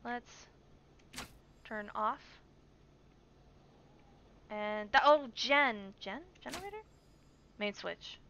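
A woman's voice: medium pitch, very slow, pauses often, pushed and bright. A woman streamer giving chatty, jumpy live commentary while playing a survival game, reading on-screen text aloud. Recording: dull stream mic with faint hiss.

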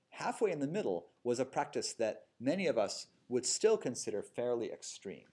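Husky-voiced man giving a dharma talk. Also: mid-range voice, very animated, moderate pace, hardly any pauses, a little mellow. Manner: casual, storytelling, tags lines with "right?" and "you know". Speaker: meditation teacher. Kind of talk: dharma talk to a live group. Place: yoga studio with a seated audience.

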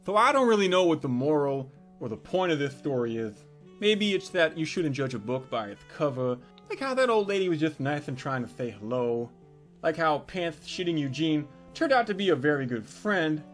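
Brash, high-voiced profane male storyteller. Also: big pitch swings, moderate pace, soft background music. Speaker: comedic storyteller. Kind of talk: crude comedic storytelling monologue.

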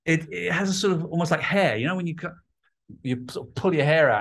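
A middle-aged English man, a guest artist, tells stories in a relaxed interview chat, animatedly acting out voices from his childhood. His voice sits on the high side, brisk and creaky.

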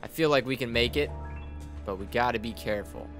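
A man's voice: mid-range voice, fairly quick, a bit bright. Young guy doing let's play commentary, jokey and sarcastic, game music going. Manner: playful, sarcastic, talks to the characters. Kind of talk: casual gameplay commentary.

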